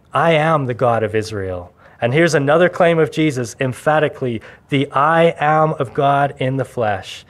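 A male pastor in the middle of a verse-by-verse sermon, with a mid-pitched voice. He delivers it with emphasis, his voice rising on key claims and dropping low and quiet for solemn lines. Light laughs break up his teaching. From Canada.

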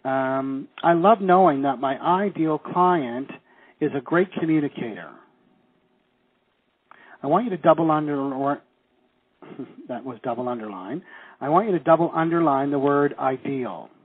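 A man leading a teleseminar, coaching listeners through phrases and slowing down to stress key words. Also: on the high side, slightly rough, no room sound. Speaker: seminar leader. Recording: tinny phone line.

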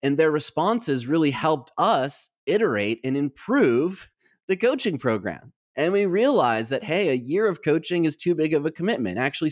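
A man co-hosting a podcast, telling anecdotes with lively acted-out dialogue in a conversational way. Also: on the high side. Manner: animated anecdotal storyteller, acts out quoted dialogue. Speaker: podcast co-host.

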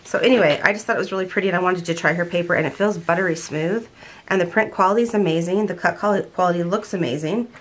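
Older woman, casual home vlog, gushing and rambling, somewhat low voice, light background hiss. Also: very fast. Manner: chatty, gushing, restarts sentences. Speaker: planner vlogger. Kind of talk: casual haul chat.

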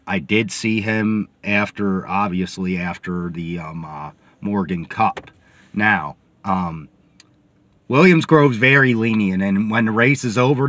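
A man's voice: fairly low pitch, fairly bright tone, no echo. Chatty man rambling in a car. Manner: rambling and chatty, many fillers. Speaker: sports podcast host. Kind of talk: casual vlog monologue.

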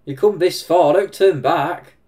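A man with an English Midlands accent reacting to a film, excitable, swearing and laughing often. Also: a little high, measured pace, background noise. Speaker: reaction video host. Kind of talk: casual reaction commentary.

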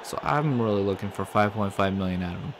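A man's voice: lowish voice, fast talker. A man giving casual gameplay commentary as a let's-play host, frustrated, rambling and swearing often. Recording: audible background noise.

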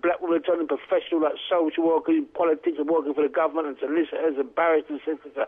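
A high-pitched man talks over a tinny phone line into a radio show. He rambles emphatically, stumbling and restarting as he builds his points. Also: level tone, very fast, hardly any pauses, slightly rough. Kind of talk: talk radio discussion.

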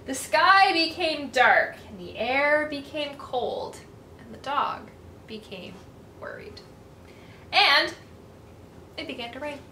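A woman reading a picture book aloud to children in an animated way, asking her listeners questions as she goes. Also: sits high, slow, long pauses. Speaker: children's storyteller. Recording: echoey room, distant mic, faint hiss.

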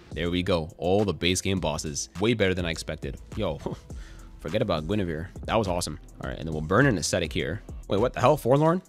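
A young man giving casual, excitable gameplay commentary, swearing and cracking jokes as he plays. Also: sits low. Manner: excitable, swearing, jokey, quotes song lines and memes. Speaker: gaming YouTuber.

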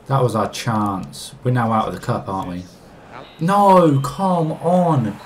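A young man giving excitable, casual commentary while playing a football game, arguing back at the screen and laughing. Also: on the low side, a little fast, a little hiss or hum. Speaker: gaming YouTuber.

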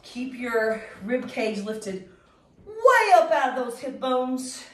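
A woman's voice: sits high, big pitch swings, takes it slowly, a bit bright. A middle-aged woman leading a live workout class, chatty and upbeat, counting reps and getting out of breath. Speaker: fitness instructor. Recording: echoey room from a distance.

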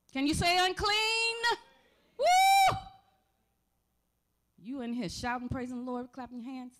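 Woman pastor preaching slow and animated, high voice, church sermon with call and response. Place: church sanctuary.

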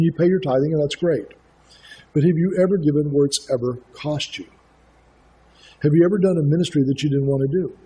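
A man's voice: fairly high pitch, dark tone. A middle-aged man, a guest speaker, preaching an earnest sermon full of stories and direct questions to the congregation. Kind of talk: sermon with storytelling.

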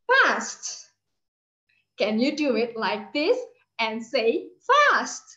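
A woman's voice: high-pitched, muffled recording. A woman with an Indonesian accent telling a story to young children in an English lesson, drawing out words and asking the kids to repeat after her. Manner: animated, drawn-out words, prompts children to repeat.

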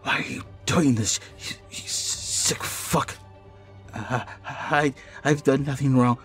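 A man voicing a frightened young male captive who pleads in a high, strained voice. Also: slow pace, a bit bright, soft background music.

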